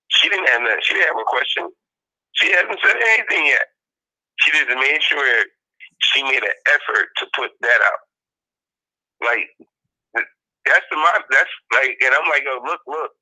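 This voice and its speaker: A man's voice: mid-range voice, rough recording. A man co-hosting a casual talk show, reacting to a played clip and repeating his points with emphasis. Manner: animated, repeats points, mimics quotes. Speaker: podcast co-host.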